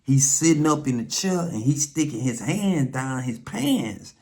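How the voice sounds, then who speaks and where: A man with an Atlanta Southern accent telling a first-hand story casually, profane and loose, acting out quotes with lively voices. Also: medium pitch, measured pace. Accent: Southern American, Atlanta.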